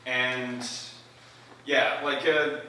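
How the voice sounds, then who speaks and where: A man's voice: mid-range voice, little pitch movement, extremely slow, bright, forceful tone. Hesitant young man in an echoey hall. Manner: hesitant, filler-heavy. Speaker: open mic performer. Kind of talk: casual talk to an audience. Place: open mic event, indoor hall. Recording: echoey hall, mic far off.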